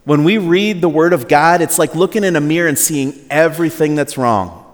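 A male pastor preaches at a normal speed in a relaxed, conversational way, joking with the congregation and acting out quotes in a higher voice. The recording carries the long reverb of a large hall.

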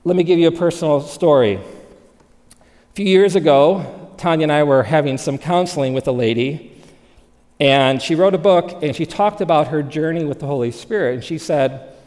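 A man preaching a sermon in a fairly high voice, swinging from loud, emphatic bursts down to near-hushed softness. His words ring out with the long reverb of a large hall. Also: normal speed.

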